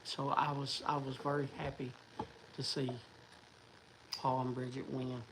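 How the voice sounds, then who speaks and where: A livestream host speaks in a mid-range voice with flat delivery and a measured pace, against a noisy background. He chats with viewers casually and rambles, often restarting and filling pauses.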